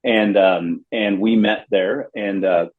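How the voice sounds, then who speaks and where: A middle-aged man from Los Angeles, a bass player telling rambling, animated stories in a casual interview. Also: slow, narrow, tinny audio. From Los Angeles, USA. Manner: rambling, animated anecdotes with acted quotes.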